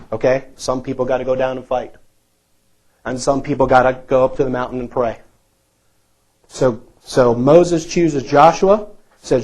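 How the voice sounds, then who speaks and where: A man's voice: a little high, normal speed, long pauses, a little mellow, poor audio. A male pastor preaching a sermon in a church, emphatic and repetitive, asking the congregation rhetorical questions.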